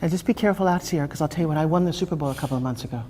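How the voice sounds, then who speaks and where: A woman coaching a participant live, blunt and profane, pushing hard and often shouting. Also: low voice, very fast. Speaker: transformational coach. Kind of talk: confrontational live coaching session. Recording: echoey hall with faint noise.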